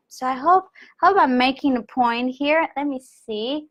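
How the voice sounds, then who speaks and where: Candid, expressive woman teacher. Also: moderate pace. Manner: candid, expressive, jumps pitch when quoting herself; reads viewer comments aloud. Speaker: spiritual teacher. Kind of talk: live-streamed talk on intuition.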